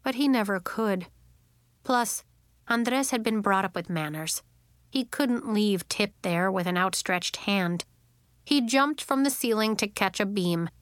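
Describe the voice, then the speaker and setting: A woman narrating a children's storybook aloud in a gentle, measured way. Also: medium pitch, lively intonation, dry recording, clean studio sound.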